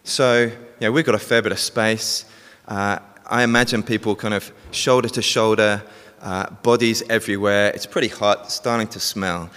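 A man's voice: on the low side, fairly even intonation, moderate pace, a bit bright, clean tone. A man preaching a sermon, telling a story and asking the congregation questions. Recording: long hall reverb.

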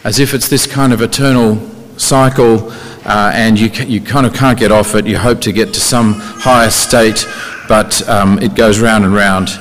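A man preaching a conversational sermon, with rhetorical questions and sudden emphatic rises in pitch. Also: fairly even intonation, moderate pace. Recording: reverberant hall.

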